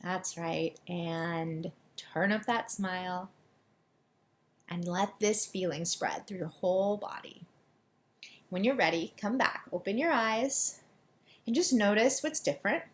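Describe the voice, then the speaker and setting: A woman guides listeners through an EFT tapping session with a medium-pitched voice. She gives fast, calming instructions and leads affirmations for them to repeat, keeping the pace deliberately quick.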